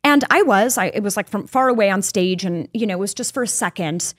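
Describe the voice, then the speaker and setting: A woman's voice: medium pitch, animated, a little fast, dry recording, clean studio sound. A woman co-hosting a podcast, chatting casually and telling stories with self-deprecating asides. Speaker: podcast co-host. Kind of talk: casual chat.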